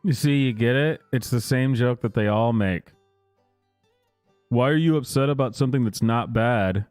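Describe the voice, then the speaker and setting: A man's voice: medium pitch, normal speed, darkish tone, no echo, faint music behind. A man hosting casual reaction commentary, sarcastic and mocking, laughing often. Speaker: commentary host.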